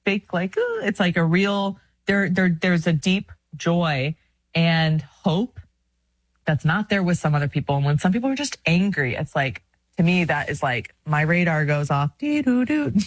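A woman's voice: low voice, normal speed, no echo. A woman in her thirties co-hosting a casual faith talk, earnest and chatty, often breaking into laughs. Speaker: podcast co-host.

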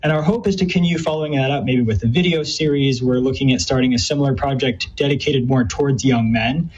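A man's voice: mid-range voice, fast talker, a little mellow, breathy edge. A man answering interview questions about ministry in an earnest, thoughtful way, with frequent fillers and restarts. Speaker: guest from a Catholic youth ministry. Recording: dull lo-fi sound.

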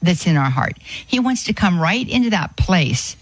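A man giving an earnest Christian talk on inner healing, halting often with fillers and restarts. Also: sits high, big pitch swings, slightly rough, dry recording. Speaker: Christian speaker.

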